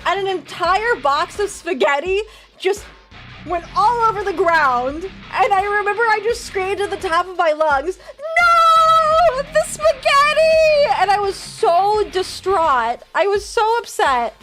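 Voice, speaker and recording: A woman streamer chatting casually and rambling while opening trading cards, quick to laugh. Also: very high-pitched, animated, a bit bright, faint music behind. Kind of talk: casual live-stream chat.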